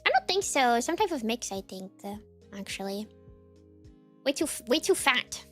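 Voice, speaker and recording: A woman's voice: on the high side, normal speed, faint music behind. A young woman streamer chatting casually with her viewers, rambling with lots of filler words. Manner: rambling, many "like" fillers, lively swings. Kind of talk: casual chat with chat readers.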